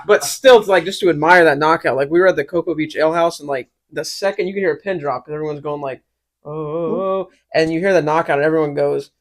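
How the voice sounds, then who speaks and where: A man co-hosting a sports podcast, chatting casually and telling animated stories about fights. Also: on the high side, fast, few pauses. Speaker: podcast co-host.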